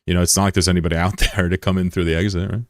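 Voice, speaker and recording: A man's voice: deep voice, level tone, very fast, no echo, studio quality. A man streaming live, chatting casually with viewers in a rambling, self-deprecating way. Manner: rambling and self-deprecating, reads chat aloud. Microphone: broadcast mic with voice filter.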